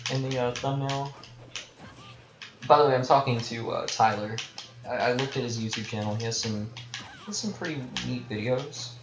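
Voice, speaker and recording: A man chatting casually while playing a game on a live stream, rambling and self-deprecating as he talks to viewers. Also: medium pitch. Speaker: gaming livestreamer. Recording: roomy echo with game music behind.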